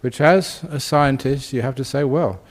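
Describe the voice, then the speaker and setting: A man who is a Buddhist monk and teacher, telling a humorous story in a dharma talk. He talks in a relaxed, conversational way with many "you know"s and chuckles often at his own tale. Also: medium pitch, normal speed.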